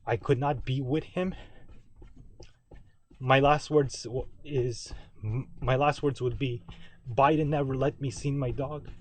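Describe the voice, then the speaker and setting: A man's voice: medium pitch, fairly even intonation, unhurried, pauses often. Man rambling a video message. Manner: rambling, repetitive, ranting with self-corrections. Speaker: vlogger. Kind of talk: direct-to-camera video message. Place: home basement.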